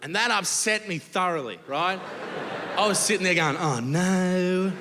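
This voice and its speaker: Aussie guy doing filthy standup, highish voice, lots of yelling, big reverby hall w/ noise. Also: measured pace. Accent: Australian. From Australia. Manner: crude, profane storytelling with shouted punchlines. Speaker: stand-up comedian. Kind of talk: stand-up comedy. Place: large theatre stage with audience laughter. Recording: live show with long hall reverb and background noise.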